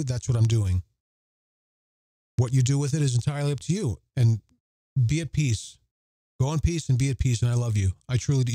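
An earnest man hosting a podcast, his voice mellow and warm. He leans on repeated phrases for emphasis and moves between reading passages aloud and talking them through, recorded dry and close. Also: medium pitch, dry recording. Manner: reads scripture aloud and comments on it. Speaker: podcast host. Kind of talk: reflective Catholic podcast commentary.

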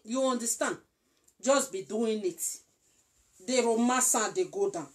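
Coaxing Nigerian woman, higher voice. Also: a little slow. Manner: repetitive, coaxing, often checks "you understand?". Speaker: relationship advice vlogger. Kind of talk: casual instructive talk.

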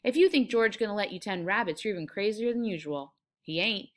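A woman's voice: mid-range voice, animated, a little fast, natural voice. A woman reading aloud the part of a gigantic talking rabbit who speaks scornfully. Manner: scornful, sneering.

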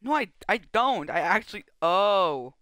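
A man's voice: sits high, animated, a little slow, pushed and bright, dry recording. A man streaming a survival game, chatting and joking goofily with friends and chat. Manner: goofy, joking, bantering with chat. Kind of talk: casual gaming chat.

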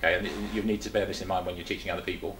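A man's voice: low-pitched, flat delivery, rapid-fire, fairly bright tone, reverberant, a little hiss or hum, poor audio. An older man from England giving a chatty talk to a small group, full of rhetorical questions and restarts. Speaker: presenter. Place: meeting room.

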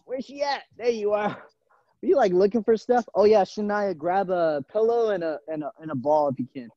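The man's voice sits high and he talks fairly quickly, recorded dry with dull audio. Using a camera mic on a video call, he coaches a live online gymnastics class from a gym, encouraging the kids and addressing them by nickname.

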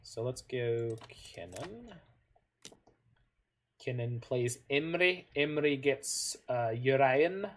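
A man's voice: mid-range voice, expressive, slow pace. Man musing aloud over a card game. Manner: musing, thinks aloud with frequent self-corrections and asides. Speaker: gamer commenting on his own online card game matches. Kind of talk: casual gameplay commentary.

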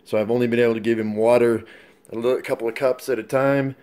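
A man vlogging on a phone camera, chatting casually and cooing at his dog in a higher, softer voice. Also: fairly even intonation, quick pace.

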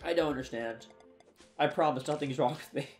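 A man's voice: a little high, brisk, a little mellow, soft background music. A tired young man giving casual, self-mocking commentary on his own gameplay, talking to himself as he plays. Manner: chatty, self-mocking, talks to himself while playing. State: tired and yawning. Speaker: let's play gamer.

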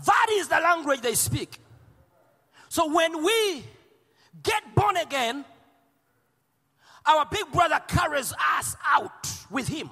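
A man from Uganda preaches with a high, lively voice that swings wide in pitch. His delivery is slow and bright, with a breathy edge, and he shouts and plays call and response with the crowd. The sound rings with the long reverb of a big church hall. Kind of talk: sermon.

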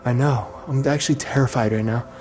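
A young man vlogging while exploring an abandoned house, loud, jumpy and swearing, filmed on a handheld camera. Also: mid-range voice, steady tone, brisk, over music. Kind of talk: casual exploring vlog.

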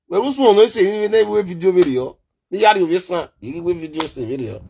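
A man with a Nigerian Pidgin accent ranting in an animated vlog, swinging between shouting and muttering. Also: medium pitch, a little fast, husky. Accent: Nigerian Pidgin English. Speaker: online content creator.

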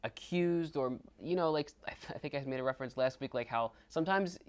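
A man's voice: on the high side, fairly quick, clean tone. A man co-presenting a church retreat, talking casually and animatedly about scripture with lots of fillers. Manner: animated, rambling with many fillers. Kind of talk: casual faith discussion.

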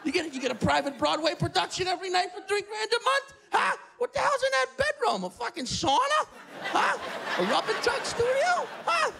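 A man voicing a cranky old retired New Yorker, yelling in outrage. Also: very high-pitched, big pitch swings, a little slow, creaky, voice pushed up, full character voice. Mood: outraged. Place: apartment, live audience.

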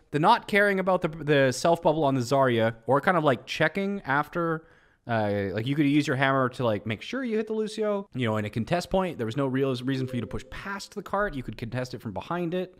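A man giving casual, joking commentary on gameplay clips as a streamer guessing ranks. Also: fairly high pitch. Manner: joking, animated, sarcastic.

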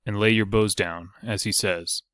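A blunt, suspicious outlaw leader hides under his cowl and barks his questions, as a man reads him. The voice sits low and close, with a dry, deadened sound. He talks in short, demanding bursts. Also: steady tone, moderate pace, fairly bright tone, clear, resonant tone, dry recording, natural voice. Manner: curt and demanding.

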